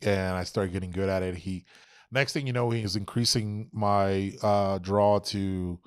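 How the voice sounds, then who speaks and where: A man in his thirties telling hunting stories on a podcast, animated and profane, acting out what people said. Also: low-pitched, unhurried, smooth, dry recording, studio quality. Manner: animated, profane, acts out quotes. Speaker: podcast guest. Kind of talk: casual storytelling.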